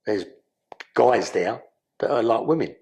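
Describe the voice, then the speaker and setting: A man tells a story in a rambling way, full of swearing and street slang. His voice is gravelly and husky. His pitch rises and falls widely as he talks. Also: lively intonation, a little slow, a little mellow. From London. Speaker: podcast guest. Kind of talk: casual storytelling.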